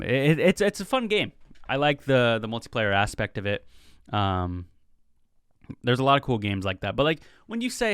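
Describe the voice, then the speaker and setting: A man's voice: mid-range voice, clear, resonant tone, dry recording, studio quality. A young man in his twenties hosting a solo podcast, talking casually in a rambling, chatty way and acting out bits of quoted talk. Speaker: podcast host.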